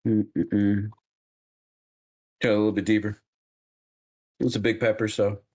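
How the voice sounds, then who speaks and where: A man streaming from his home kitchen, chatting casually and joking at his own slow cooking. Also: lowish voice, flat delivery, darkish tone. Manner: joking, self-mocking, unhurried.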